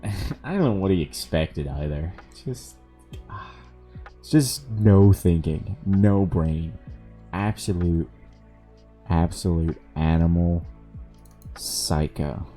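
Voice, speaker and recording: A man's voice: low voice, takes it slowly, pauses often, dark tone, soft background music. A male streamer casually telling a story while gaming, profane, sardonic and amused.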